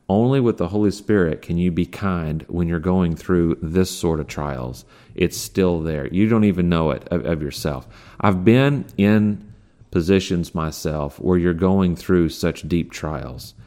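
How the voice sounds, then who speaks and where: A man preaching a sermon in a conversational way, full of fillers and restarts, slowing down when he reads scripture. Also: low voice, a little mellow. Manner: slows down to read scripture. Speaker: pastor.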